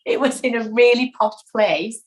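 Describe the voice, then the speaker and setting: A woman's voice: a little high, normal speed, rough recording. A woman, a guest in an interview, chatting casually and acting out quotes as she tells an anecdote. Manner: chatty, animated storyteller who acts out quotes. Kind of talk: casual chat.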